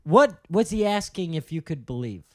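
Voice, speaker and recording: Playful, higher-pitched man riffing on a podcast. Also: very animated, moderate pace, a little mellow, dry recording, clean studio sound. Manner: playful, laughing, riffs on the joke. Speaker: podcast co-host. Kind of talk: casual chat.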